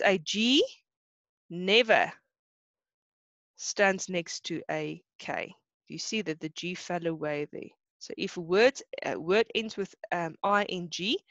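A woman's voice: on the low side, a bit bright, no echo, muffled recording. A South African woman teaching an online class, who explains each rule step by step and keeps checking that students follow. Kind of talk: online lesson.

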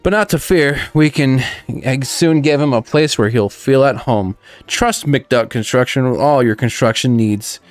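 A man's voice: mid-range voice, measured pace, no echo, close to an everyday voice. A man reading the lines of a rich old duck who runs a building firm in a video game. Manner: reading game dialogue aloud.

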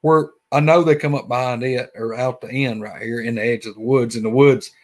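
A man's mid-range, darkish voice runs a little fast with fairly even intonation. The guest, who has a Southern Alabama accent, tells a casual story that rambles, feels folksy, and circles back on itself.

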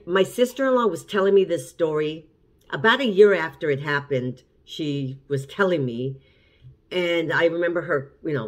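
Middle-aged woman telling a story. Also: low voice. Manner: chatty, repeats and restarts while recounting events. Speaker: cooking channel host. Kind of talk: casual storytelling to camera.

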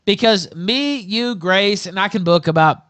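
A man's voice: high voice, a little slow, a bit bright, clear, resonant tone. A man hosting a livestream in casual chat, brash, boastful and crude. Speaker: livestream host.

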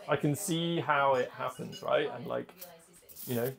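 A man's voice: medium pitch, unhurried, vocal fry, fairly bright tone, faint music behind. A man chatting in an easygoing way in a barbershop.

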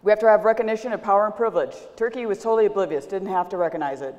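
A woman lecturing to an audience in an animated way, asking them questions and inviting answers. Her voice sits at a middle pitch. It carries a long reverb through a lecture hall. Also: very fast. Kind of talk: public lecture with storytelling.

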